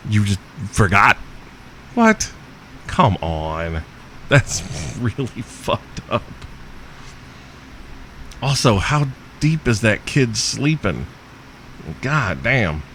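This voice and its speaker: A man's voice: lowish voice, big pitch swings, slow pace, long pauses, fairly bright tone, slight background noise. Foul-mouthed man ranting as podcast host. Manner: profane, joking, chuckles often. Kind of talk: crude comedic rant answering listener questions.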